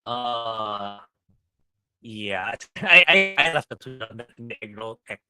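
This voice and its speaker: A man's voice: medium pitch, lively intonation, slow pace. A man co-hosting a podcast over a lagging video call, rambling and scoffing with many fillers. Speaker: podcast co-host. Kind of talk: casual chat. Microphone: video call on a lagging connection.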